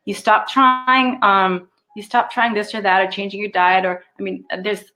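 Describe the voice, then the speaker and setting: Animated woman host coaching viewers. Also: mid-range voice, normal speed. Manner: animated, swears casually, laughs often, acts out inner voices. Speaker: spiritual live show host. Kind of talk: casual spiritual coaching, answering viewer questions.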